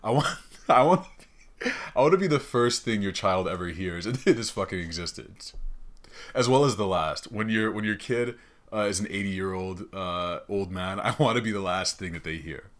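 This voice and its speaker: In a studio, a podcast host delivers a rambling comedic monologue in a low, moderately paced voice. He swears heavily and laughs often.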